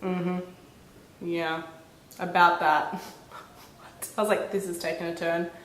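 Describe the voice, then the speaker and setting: A woman in her twenties chatting casually to her camera at home, telling a story with lively, bubbly energy. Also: takes it slowly. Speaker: vlogger. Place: indoors at home, a small room. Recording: echoey room with faint rumble.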